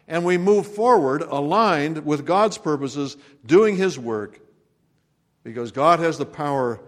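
Man, pastor, sermon, mid-pitched voice, loud-to-hushed dramatic delivery, long reverb. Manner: dramatic swings between loud proclamation and hushed near-whisper. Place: church sanctuary. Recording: long reverb of a church hall.

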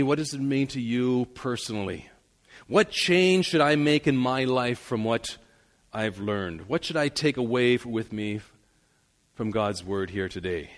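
A male pastor preaching an earnest sermon that rises to emphatic declarations, in a church sanctuary. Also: mid-range voice. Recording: long hall reverb.

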